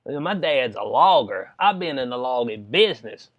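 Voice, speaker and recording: A man's voice: medium pitch, very animated, moderate pace, fairly bright tone. A man, casually reading out a news story and joking about it in a loose commentary vlog. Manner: reads news aloud, then jokes and riffs with frequent laughs. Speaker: commentary vlogger.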